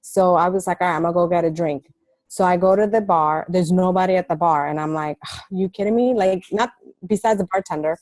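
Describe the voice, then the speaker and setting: A woman's voice: on the low side, steady tone, fairly quick, a little mellow, dry recording. A woman coaching on a team call, telling stories in a chatty way with many fillers. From New York. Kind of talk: casual team call talk.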